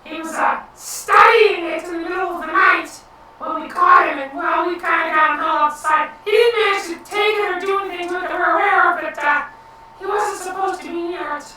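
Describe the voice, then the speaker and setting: A woman at a tabletop game speaks haltingly in a very high, bright voice, full of stops and fillers. She is far from the mic in a very echoey room with faint background noise. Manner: hesitant, halting with many fillers. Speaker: player. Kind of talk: casual tabletop game chat.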